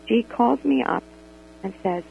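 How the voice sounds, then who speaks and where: A woman calling in to a radio show by phone, telling a story in an animated, exasperated way. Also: fairly high pitch, measured pace, gravelly, husky. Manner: animated, exasperated retelling with quoted dialogue. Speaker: radio caller. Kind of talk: call-in storytelling about a friend. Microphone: telephone. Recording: tinny phone line on radio.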